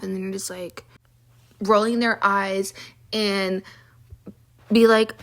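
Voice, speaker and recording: A woman's voice: medium pitch, brisk, vocal fry, a bit bright. A young woman vlogger telling a casual storytime rant, exasperated and fed up, with constant use of "like".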